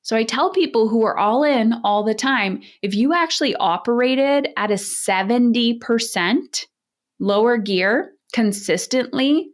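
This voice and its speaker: A woman parenting coach in a podcast interview, talking in a direct, emphatic coaching manner. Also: on the high side.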